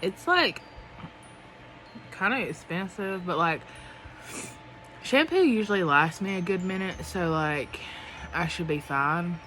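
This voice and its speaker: A woman's voice: lowish voice, lively intonation, slow, pauses often, fairly bright tone, a little hiss or hum. A young woman, chatting casually to the camera in a rambling way, full of fillers. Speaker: vlogger.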